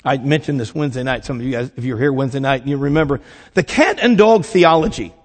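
A man's voice: mid-range voice, fast talker, long reverb tail. A man preaching a casual, conversational sermon, asking the congregation questions and acting out little quoted voices. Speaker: pastor.

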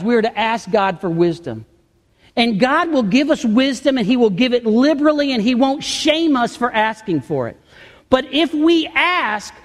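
High-pitched preacher guy, gets loud and punchy then drops quiet, echoey hall. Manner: preaching with rising emphatic bursts and dropping to quiet asides. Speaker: pastor. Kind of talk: sermon.

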